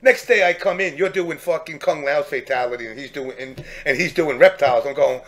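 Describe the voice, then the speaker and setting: A man telling a profane, animated story in casual chat, acting out the people he quotes. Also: fairly high pitch, brisk, hardly any pauses.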